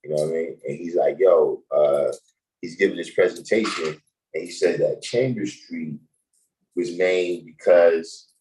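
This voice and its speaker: A man hosting a casual livestream chat, telling stories in an animated, slangy way and laughing often. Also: deep voice, a little slow, rough recording. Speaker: host.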